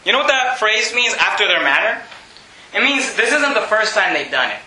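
High-voiced man preaching a sermon. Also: very animated, normal speed, pushed and bright, roomy sound, slight background noise, rough recording. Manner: preaching with mocking impressions and laughs. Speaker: pastor.

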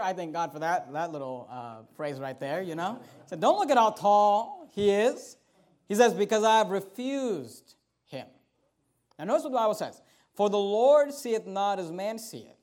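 A man with a high voice delivers a sermon. He reads scripture at a slow, deliberate pace. He drops to quiet asides, then pushes his points louder and with more force. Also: big pitch swings. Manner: emphatic, swings between quiet and loud, reads scripture slowly. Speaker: preacher.

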